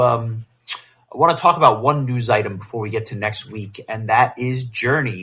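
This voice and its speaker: Male podcast co-host with a husky voice, steady and conversational. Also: medium pitch. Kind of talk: casual chat.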